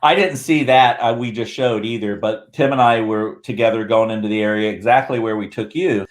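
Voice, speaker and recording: Man telling a rambling, animated story. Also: fairly low pitch, fairly quick. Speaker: guest Bigfoot researcher. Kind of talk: casual podcast chat.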